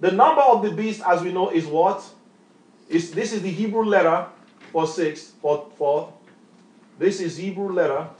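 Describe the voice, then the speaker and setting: A man's voice: sits high, moderate pace, a little mellow. A man preaching a bible lesson, emphatic, repeatedly quizzing a reader with questions. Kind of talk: street-style bible teaching sermon.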